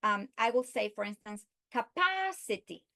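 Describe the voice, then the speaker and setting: Woman teacher, slightly higher voice, measured lesson delivery that punches out example words. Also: animated. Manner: slow, deliberate, stresses example words. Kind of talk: recorded literacy lesson.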